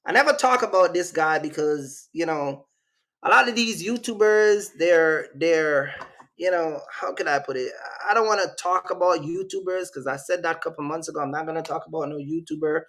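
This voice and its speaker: A man's voice: a little high, moderate pace, a bit bright. A man from Jamaica with a Jamaican accent, hosting a casual livestream in a rambling, slangy way and reacting to his live chat. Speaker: channel host.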